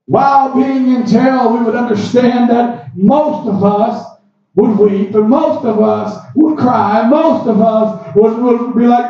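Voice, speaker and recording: A man preaching a youth sermon, acting out biblical characters and rising to shouts. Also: very high voice, slow. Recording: roomy echo, distant mic, dull sound.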